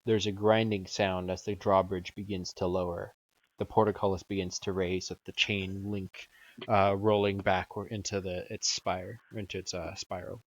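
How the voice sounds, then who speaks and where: Haperende, lage mannelijke spelleider. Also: male voice, low voice, level tone, no echo. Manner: halting, many fillers. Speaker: game master. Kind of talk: narrating a tabletop game. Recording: dull dry sound.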